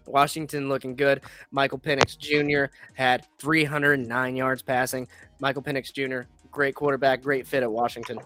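A man's voice: medium pitch, little pitch movement, normal speed, bright, forceful tone, faint music behind. A young man hosting a casual sports podcast, talking in a blunt, profane, rambling way. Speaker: podcast host.

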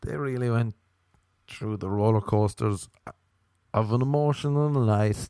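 Irish comedian, low voice, dry close sound, swears freely, laughs as he tells stories. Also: unhurried, pauses often, dark tone, no room sound. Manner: profane, laughing, acts out quoted voices. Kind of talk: casual comic storytelling.

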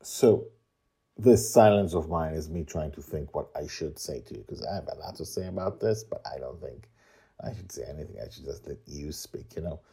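A man's voice: a bass voice, expressive, normal speed, gravelly, dark tone, slightly rough. A man hosting a podcast and reading his own fantasy story aloud in a playful, theatrical way, with sing-song interjections.

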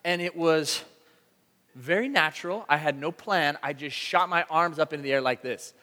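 A man delivers a sermon in a storytelling way, animated and playful, with sudden loud exclamations. His voice sits a little high for a man. The sound rings with the long reverb of a large hall. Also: normal speed. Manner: animated storytelling, acting out his own shouts. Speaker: pastor.

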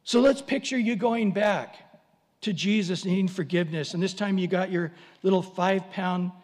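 A man's voice: high-pitched, moderate pace. A man preaching a sermon, telling vivid stories with dramatic swings and humorous asides. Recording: long hall reverb.

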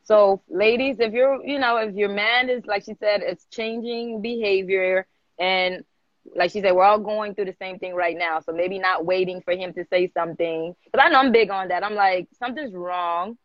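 A woman hosting a casual interview, chatty and animated, often agreeing with her guest. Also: mid-range voice, moderate pace, no echo. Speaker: host. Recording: dull, dry sound.

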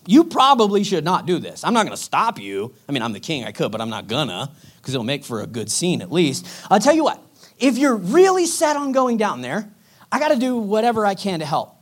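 A man's voice: high voice, huge pitch swings, fairly quick, heavily acted. A man voicing a laid-back king who talks in an offhand, drawling way.

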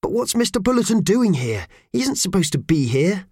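A man's voice: high-pitched, sing-song, fairly quick, a little mellow, breathy edge, no echo, clean studio sound, pitched above the performer's own voice, heavily acted. A man doing a squawking flustered man. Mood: panicky whisper. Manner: squawking, agitated.

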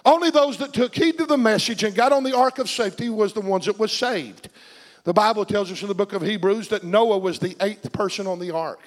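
A man preaching a sermon, swinging from shouted appeals to hushed, tender passages. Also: high-pitched, fairly quick.

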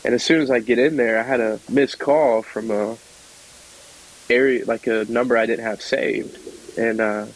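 A young man from the American South, a podcast guest telling a story in a relaxed chatty way and laughing often. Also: mid-range voice, normal speed, rough recording. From South Georgia, United States. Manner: chatty, laughs often, acts out voices in his stories. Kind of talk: casual storytelling.

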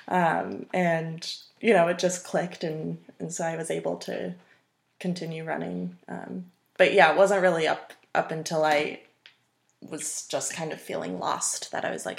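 She's in her twenties, a runner on a podcast, and her lowish voice is steady in tone, a little slow, with vocal fry. The interview is casual, and she rambles with many ums and restarts.

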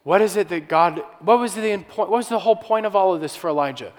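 A man's voice: high-pitched, fast talker, hardly any pauses, in a large hall. A male pastor preaching a sermon in a conversational way, with rhetorical questions and restarts.

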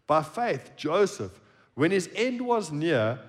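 A man preaching a sermon at a church service, shifting between emphatic lines and hushed, quiet phrases. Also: on the high side, takes it slowly. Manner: expressive preaching, drops to a hushed tone on key phrases. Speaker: pastor.

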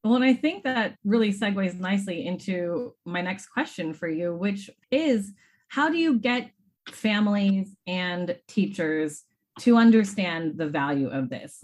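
A woman hosting a podcast, asking thoughtful questions in a measured way. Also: medium pitch, darkish tone. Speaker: podcast host, school director. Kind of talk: interview questions.

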